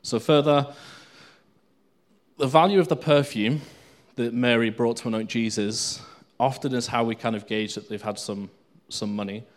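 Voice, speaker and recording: A man's voice: medium pitch, steady tone, moderate pace. A man giving an informal Bible teaching, reading scripture aloud between unscripted remarks full of fillers and restarts.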